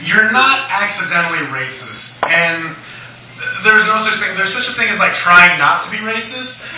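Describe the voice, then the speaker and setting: A man's voice: sits high, lively intonation, moderate pace, noisy background. A tipsy young man doing a crude, rambling stand-up set in a lounge bar. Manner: crude, rambling, shock humor. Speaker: stand-up comedian. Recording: echoey room, mic from far off.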